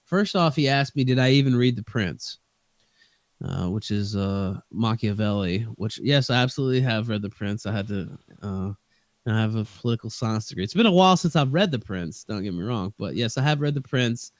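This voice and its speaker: A man's voice: fairly low pitch, expressive, brisk, no room sound. A man speaking as a guest on a casual online call, telling his story at length. He rambles and hedges and keeps restarting his sentences. The sound is dry and close, recorded over a voice call. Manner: rambling, hedging, many restarts. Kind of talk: casual stream chat.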